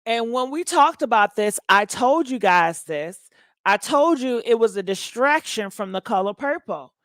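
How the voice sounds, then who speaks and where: Livestream gossip host, woman, higher voice, dry close sound, chatty and reads comments aloud. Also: animated, moderate pace, no echo. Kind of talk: casual livestream chat.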